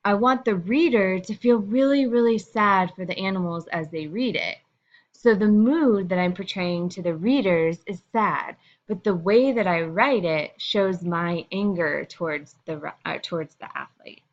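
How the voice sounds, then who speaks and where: A woman's voice: medium pitch, dull audio. A woman teacher explaining a lesson to her students in a casual, chatty way, with frequent fillers.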